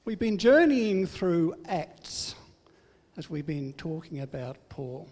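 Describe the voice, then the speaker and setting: A man's voice: a little high, sing-song, takes it slowly, a little mellow, long reverb tail. An older man giving a sermon, telling family stories in a humorous, self-deprecating way. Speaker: preacher.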